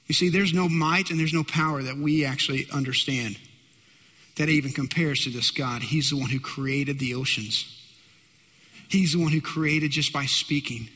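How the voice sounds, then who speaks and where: Bright-voiced man preaching in a reverberant hall. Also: medium pitch, moderate pace. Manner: dramatic storytelling with acted-out quotes. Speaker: pastor. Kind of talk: sermon.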